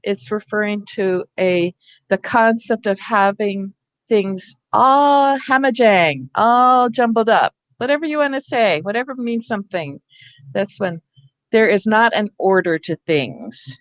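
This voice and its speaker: Woman, teacher trainer, patient step-by-step explaining, mid-pitched, dry sound. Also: expressive, measured pace, no echo. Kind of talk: teacher workshop instruction.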